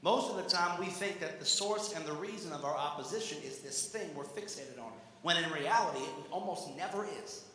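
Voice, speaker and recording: A man preaching a sermon as pastor, animated, swinging from shouts to hushed asides. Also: high-pitched, slight background noise. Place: church sanctuary. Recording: echoey church hall.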